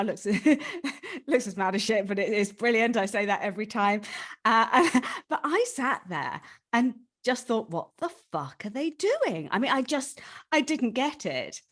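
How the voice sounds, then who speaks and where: A woman's voice: medium pitch, fairly bright tone. A woman hosting a podcast, telling a personal story to her guest in a candid, emotional way and swearing casually. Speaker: podcast host.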